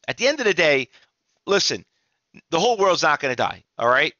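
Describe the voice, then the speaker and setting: An exhausted middle-aged man rambles through market commentary, restarting his sentences and pressing hard on his points. His voice is fairly high and forceful, and it sounds dry and close. The recording is slightly dull and lo-fi. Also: sing-song, brisk, dry recording. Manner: rambling, restarts often, emphatic. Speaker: trading instructor. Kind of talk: casual market commentary to viewers.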